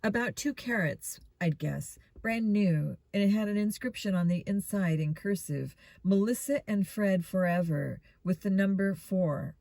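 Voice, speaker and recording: A woman's voice: medium pitch, a little slow, creaky, hardly any pauses, dark tone, no room sound. A woman voicing a breezy, easygoing teenage boy detective in a storybook reading.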